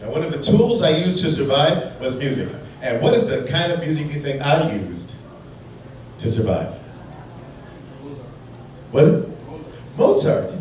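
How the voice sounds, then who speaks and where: A man's voice: on the high side, very animated, darkish tone. Wry man doing stand-up in a bar. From Chicago, USA. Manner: wry, playful, quick jumps into put-on voices. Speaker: stand-up comedian. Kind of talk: stand-up comedy set. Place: bar stage in a brew pub. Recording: distant, echoey, noisy live bar recording. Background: audience laughter and bar noise.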